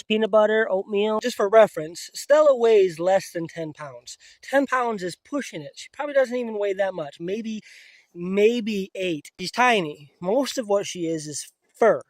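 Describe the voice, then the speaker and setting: A man with a fairly high voice talks casually to the camera from an outdoor camp in the woods. The sound is dry and close. He is emotional and speaks softly when he turns to his pets. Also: dry recording. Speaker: vlogger. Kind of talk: casual vlog talk to camera.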